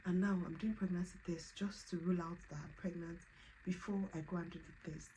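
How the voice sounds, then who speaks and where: A woman's voice: fairly low pitch, fairly quick, rough recording. Lady vlogging her story, acts out every quote, faint hum in the background. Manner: animated, quotes others in lively voices. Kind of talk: personal storytelling.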